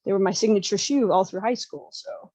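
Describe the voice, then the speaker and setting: A woman's voice: medium pitch, fairly quick, darkish tone, muffled recording. Southern american lady podcast host, chatty, lots of opinions, laughs a lot. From Southern United States. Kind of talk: casual chat.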